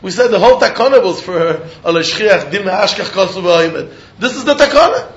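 Animated male Talmud teacher, echoey. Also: high voice, normal speed, slight background noise. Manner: animated sing-song study chant, questioning and answering himself. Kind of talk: Talmud lecture in Yeshivish English. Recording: dull echoey room recording.

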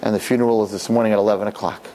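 A man voicing a female nurse who speaks haltingly with many fillers, apologetic. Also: on the low side, flat delivery, mellow, a little hiss or hum, pitched below the performer's own voice, close to an everyday voice. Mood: hesitant. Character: female nursing-home nurse, hesitant and apologetic.

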